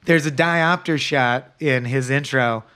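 A man's voice: medium pitch, a little slow, sharp tone, smooth. A man co-hosting a podcast, chatting casually about a film and acting out lines in exaggerated voices. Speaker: podcast co-host.

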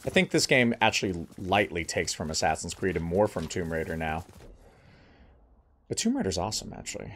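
A man's voice: low-pitched, animated, a little fast, a bit bright, slight background noise. A man giving casual, playful commentary while playing a video game, joking and talking to the characters. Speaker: let's play gamer.

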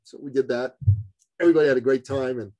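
A man telling a story as a podcast guest, animated and addressing the host as brother. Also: mid-range voice, fast, no room sound, muffled recording.

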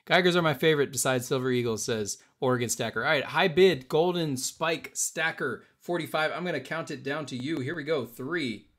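A man's voice: fairly high pitch, moderate pace, hardly any pauses, a bit bright. A man hosting a casual live-stream auction, calling out bids and chatting with viewers in an upbeat way. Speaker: auction host.

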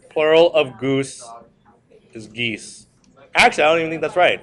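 A man's voice: fairly high pitch, fast, sharp tone. A male history teacher giving a classroom lecture. He tells stories with jokes and puts questions to the class. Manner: joking, storytelling, asks the class questions.

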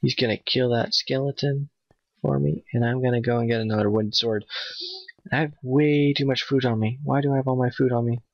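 A man giving nervous, excitable let's play commentary, talking to his in-game dog. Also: mid-range voice, a little fast, gravelly, no echo. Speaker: gamer playing a Minecraft map. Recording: dull, dry home mic.

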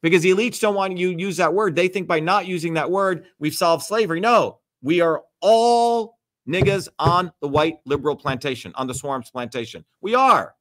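A man's voice: high voice, moderate pace, a bit bright. A man hosting a livestream Q&A, talking bluntly and emphatically, lecturing and swearing freely. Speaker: host. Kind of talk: livestream Q&A talk.

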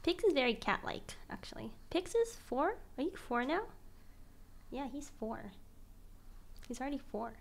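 Young woman, streamer, casual chat, excitable, slangy, slightly high voice. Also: unhurried, vocal fry, pauses often. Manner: excitable, gushing, giggly, slangy.

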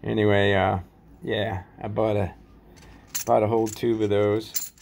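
A man casually rambling through a show-and-tell vlog about his collection, halting often with fillers and folksy sign-offs. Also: on the low side, flat delivery, creaky, a little mellow, slight background noise. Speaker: coin collecting vlogger.

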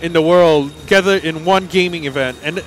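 A man's voice: a little high, normal speed, soft background music. A young man chatting casually as a commentator at a gaming tournament, enthusiastic and easygoing. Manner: enthusiastic, easygoing, traveler's anecdotes.

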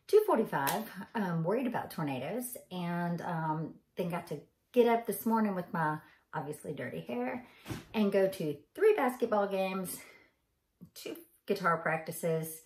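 A woman's voice: lowish voice, animated, a little slow, darkish tone, a little hiss or hum. A woman from Arkansas with a Southern accent, telling a rambling story in a casual, chatty way with lots of ums. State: tired. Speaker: vlogger. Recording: echoey room.

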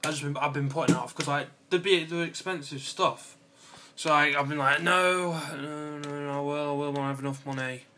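A young man chatting in a casual, excitable vlog, with lots of fillers, giggles and playful asides. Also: fairly high pitch, quick pace, a little hiss or hum. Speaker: vlogger. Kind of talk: casual rambling vlog chat.

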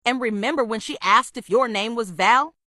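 A woman's voice: on the high side, normal speed, sharp tone, no echo, clean studio sound. A woman voicing a bold, teasing best friend in a Roblox roleplay. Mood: pushy. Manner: blunt, pushy, teasing.

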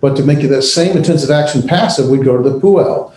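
A man teaching a class, speaking haltingly with many pauses and restarts. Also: medium pitch, darkish tone, echoey room, low-quality recording. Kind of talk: classroom lecture.

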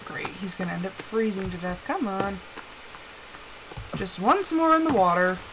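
A young woman chatting casually while playing a game on a live stream, telling animated stories and putting on quick quoted voices. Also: medium pitch, background noise.

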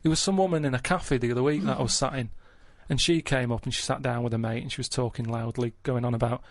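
A middle-aged man talks in a flat, deadpan manner, wandering through his stories at an unhurried pace. The recording is close and dry, with no room sound around his voice. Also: medium pitch, no echo. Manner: deadpan, rambling storyteller. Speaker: podcast regular. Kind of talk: casual chat.

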